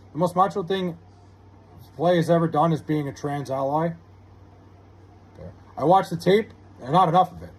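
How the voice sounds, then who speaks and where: A man's voice: on the high side, husky. A young man streaming live, arguing heatedly with his chat and swearing often. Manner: heated, argumentative, swears a lot.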